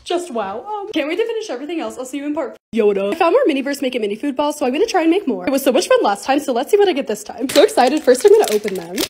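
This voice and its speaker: Bubbly fast-talking young woman vlogger. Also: sits high, sing-song, darkish tone. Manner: bubbly, gushing over cute things. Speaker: lifestyle content creator. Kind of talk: casual vlog voice-over.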